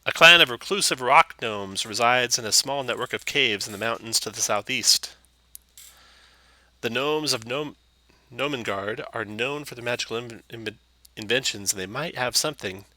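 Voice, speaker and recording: Bright-voiced game master, dry sound. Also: male voice, mid-range voice, normal speed, no echo. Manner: plain reading with hesitant fillers. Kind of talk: narrating a tabletop game.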